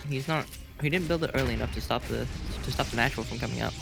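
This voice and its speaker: Gravelly-voiced man softly casting a game. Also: medium pitch, very fast, music in the background. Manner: soft-spoken, relaxed, playful. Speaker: esports caster. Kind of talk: live game commentary.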